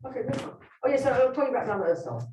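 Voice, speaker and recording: Animated, blunt woman teaching in a hall. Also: high voice, very fast, far from the mic, slight background noise. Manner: emphatic, blunt storytelling with direct questions to listeners. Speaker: Buddhist nun teaching a workshop. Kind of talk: teaching talk to a live group. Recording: roomy hall, speaker away from the mic.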